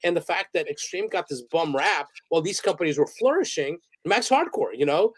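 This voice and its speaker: High-voiced rambling man telling stories. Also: animated, fairly quick, breathy edge. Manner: rambling, profane, laughs while telling stories. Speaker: interview guest, photographer and director. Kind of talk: casual storytelling interview.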